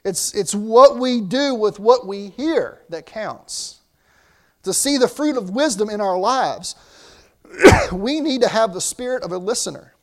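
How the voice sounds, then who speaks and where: A man's voice: high voice, expressive, a little slow. A man preaching a sermon in a conversational way, with asides and restarts.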